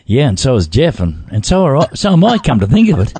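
A man's voice: mid-range voice, wildly swooping pitch, fast talker, a little mellow, a little hiss or hum. A male radio host who teases his guests and jokes between segments. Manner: jokey and teasing. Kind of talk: casual radio hosting.

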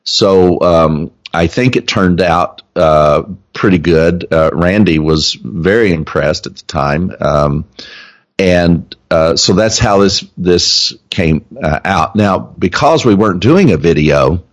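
A man hosting a religious podcast, talking in a halting, casual way with many ums and uhs as he explains things. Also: low-pitched, lively intonation. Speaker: podcast host and teacher. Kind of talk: casual chat.

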